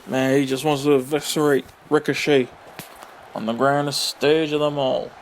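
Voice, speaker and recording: A man commentating a wrestling video game with excited play-by-play, full of exclamations and mild swearing. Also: medium pitch, moderate pace, a little hiss or hum. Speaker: gaming commentator.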